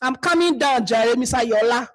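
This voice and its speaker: A woman's voice: fairly high pitch, normal speed, no room sound, rough recording. A woman with a Nigerian accent leading an online community call, talking bluntly and scolding her listeners. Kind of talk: live call talk to members.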